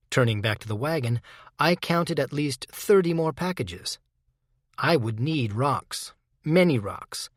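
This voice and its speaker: Measured male audiobook narrator, dry. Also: mid-range voice, no room sound. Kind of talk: first-person audiobook narration.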